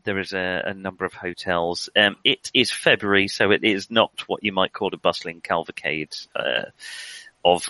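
A man's voice: deep voice, bright, forceful tone, no echo, poor audio. A man narrating a tabletop role-playing game as game master, wordy and hesitant, with dry humor.

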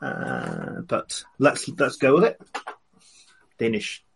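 A man playing a tabletop game, speaking in a wry, hesitant way with many ums and pauses. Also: mid-range voice, very animated, gravelly, fairly bright tone, a little hiss or hum. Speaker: player. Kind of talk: casual tabletop game chat.

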